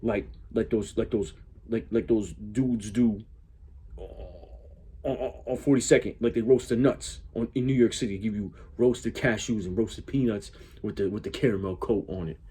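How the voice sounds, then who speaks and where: Husky rambling reaction host. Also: male voice, fairly low pitch, steady tone, normal speed, warm tone. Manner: rambling, swears freely. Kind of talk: casual reaction commentary.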